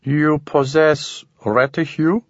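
A tall, unhurried alien, put on by a male reader, weighs each stiff, formal word in a slightly raised voice. The recording sounds dull and close, with no room around it. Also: fairly high pitch, fairly even intonation, no room sound, voice pushed up. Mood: detached, curious. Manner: slow, measured, oddly formal speech. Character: tall, calm, curious alien captor.

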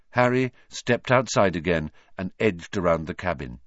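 A man reading a fantasy novel aloud as an audiobook narrator, expressive and given to dramatic pauses. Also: sits low, no echo, dull audio.

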